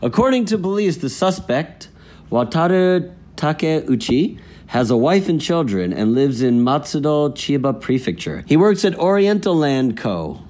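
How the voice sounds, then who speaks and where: A man's voice: a little high, very animated, measured pace, a little mellow. A man hosting a casual podcast who reads news items aloud and adds dry asides. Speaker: host.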